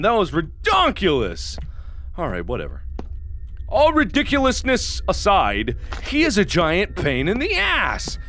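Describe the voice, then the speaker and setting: A man hosting a gaming video, giving let's play commentary with loud, exaggerated, mock-angry outbursts. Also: on the high side, wildly swooping pitch, normal speed, slight background noise.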